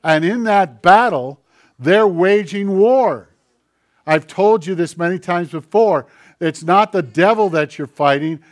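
Animated higher-voiced male preacher. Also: unhurried. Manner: animated, acts out quoted voices, conversational asides to the congregation. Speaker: pastor. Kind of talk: sermon.

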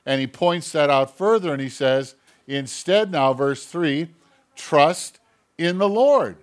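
A pastor preaching a sermon, his voice sitting a little on the high side for a man. He drops into quiet, conversational asides and then pushes up into louder, emphatic lines. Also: lively intonation, takes it slowly.

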